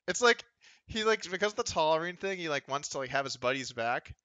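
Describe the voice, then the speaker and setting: A man in his thirties rambles through a casual poker livestream, dry humor running through his chatter. His voice is bright and a little tense. It sits close to the microphone in a dry room with no echo. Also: fairly high pitch, lively intonation, fairly quick, clear, resonant tone, highs cut off. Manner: rambling, sardonic, mocking impressions of others. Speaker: poker streamer. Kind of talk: casual livestream chat while playing online poker.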